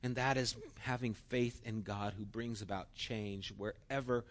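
A man's voice: lowish voice, steady tone, a little slow. A middle-aged man preaching a sermon in an earnest, storytelling way and acting out quotes.

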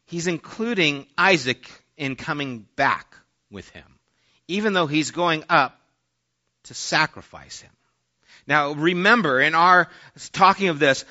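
A man's voice: fairly high pitch, expressive, unhurried, sharp tone. A man preaching a sermon in a conversational way, sometimes acting out the voices in the story he tells. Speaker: pastor. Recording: dull lo-fi sermon audio.

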